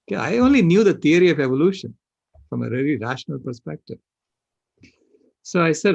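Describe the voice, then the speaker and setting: An older man on a panel, telling a personal story with animated, emphatic delivery. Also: a little high, fairly quick, vocal fry, long pauses, dry recording, muffled recording. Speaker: panel speaker.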